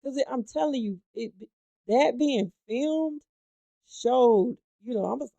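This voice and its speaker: A woman's voice: a little high, unhurried, vocal fry, mellow, no echo. A woman hosting a gossip talk show, chatting emphatically and speaking straight to her viewers. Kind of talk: animated gossip commentary.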